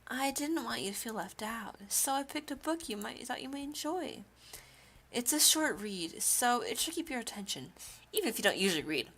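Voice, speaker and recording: A timid, bookish teen girl with a hushed, halting voice, voiced by a woman reading a game aloud. She sounds reserved, though her tone stays bright and her pitch still moves about. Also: big pitch swings, heavily acted. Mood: shy. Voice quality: quiet, hesitant. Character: shy, soft-spoken bookish teen girl.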